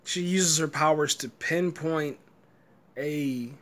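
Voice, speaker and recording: A man's voice: fairly high pitch, takes it slowly, fairly bright tone. A man giving a casual, exasperated review rant, stumbling and repeating words and breaking into laughter. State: tired, early morning.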